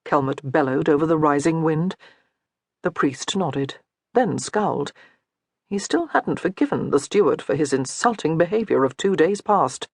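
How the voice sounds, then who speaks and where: A woman narrating a historical novel in a measured, storytelling way. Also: deep voice, expressive, slightly rough, dry recording, studio quality. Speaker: audiobook narrator. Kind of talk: scripted narration.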